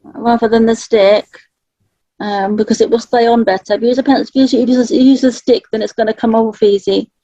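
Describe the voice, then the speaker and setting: Gentle chatty woman, dull audio. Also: on the high side, steady tone, a little fast, no room sound. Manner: gentle, chatty, laughs often. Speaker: spirit artist. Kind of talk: live psychic drawing session.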